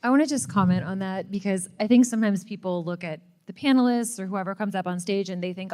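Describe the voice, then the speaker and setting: A woman's voice: mid-range voice, quick pace, few pauses, dark tone. A woman speaking earnestly on a stage panel, encouraging the audience. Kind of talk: motivational panel talk. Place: event stage.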